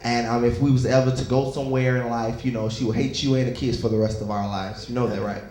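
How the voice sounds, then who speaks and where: A man's voice: medium pitch, fairly even intonation, fast, a little mellow. A young man doing a stand-up comedy set, loose and conversational, chatting with the crowd between stories. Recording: echoey comedy club.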